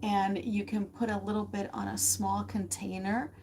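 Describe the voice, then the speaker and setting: A woman's voice: mid-range voice, little pitch movement, normal speed, vocal fry, darkish tone, a little hiss or hum. A woman giving a casual, rambling craft lesson from a home studio, laughing often as she chats with viewers. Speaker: art teacher.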